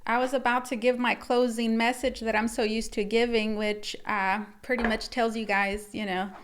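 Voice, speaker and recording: A woman sits reading tarot cards for her viewers in a relaxed, rambling way, calling them guys and circling back over her points. Her voice is smooth and clear and sits a little high. She keeps a loose, conversational flow throughout. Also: normal speed. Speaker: tarot reader. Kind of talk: casual tarot reading to camera.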